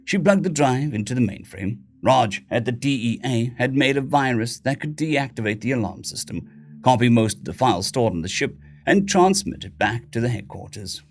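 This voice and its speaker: A man's voice: mid-range voice, expressive, normal speed. A man steadily narrating a science fiction short story. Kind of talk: scripted sci-fi story narration.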